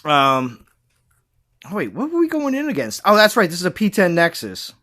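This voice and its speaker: A man's voice: sits high, huge pitch swings, normal speed, sharp tone. A man chatting casually while live-streaming a mobile game, laughing often and answering viewers.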